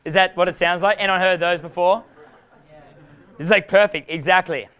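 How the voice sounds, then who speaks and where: A man giving a live dating seminar, animated and profane, laughing at his own jokes. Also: high voice, normal speed, clear, resonant tone. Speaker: dating coach.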